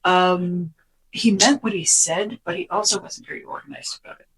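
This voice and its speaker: A podcast co-host chatting casually and summarizing from notes, animated, sometimes dropping into a whisper for quoted lines. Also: mid-range voice, normal speed, a crowd in the background, rough recording.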